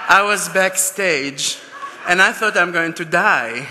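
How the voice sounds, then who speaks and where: In a large gala ballroom, a man delivers an acceptance speech built on heartfelt anecdotes. His voice is high and slow, with background noise and a long hall reverb in the recording.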